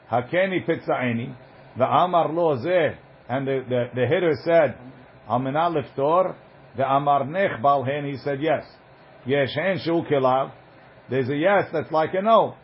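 A man's voice: fairly high pitch, highs cut off, a little hiss or hum. A man giving an informal study lecture, chanting passages of ancient text and then explaining them in casual conversational English. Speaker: Talmud teacher.

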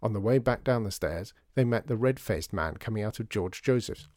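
A man reading a story aloud in an expressive, measured narration. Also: lowish voice, no room sound, clean studio sound.

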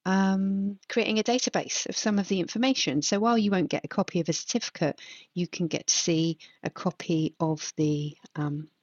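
A woman's voice: lowish voice, a little mellow, no room sound. A woman in her forties from England, hosting a solo podcast in a chatty, reflective way with frequent ums. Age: 40s. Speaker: podcast host. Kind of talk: casual solo podcast monologue. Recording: dull, lo-fi, dry sound.

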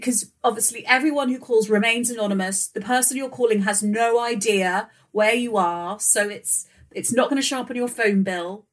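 A woman's voice: on the high side, normal speed, few pauses. Supportive woman hosting an interview. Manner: supportive, thoughtful questioning. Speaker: podcast host.

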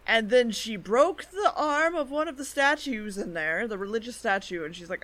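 A woman co-host recaps anime episodes in casual podcast chat. She talks in a loose, chatty way, dropping fillers and quick quoted asides from the characters. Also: on the high side, expressive, fairly bright tone.

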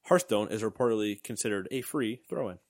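A man's voice: lowish voice, fairly quick, dry recording, studio quality. A young man co-hosting a casual gaming podcast, joking and rambling with sarcastic asides, hiccuping now and then. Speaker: podcast co-host. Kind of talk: casual chat.

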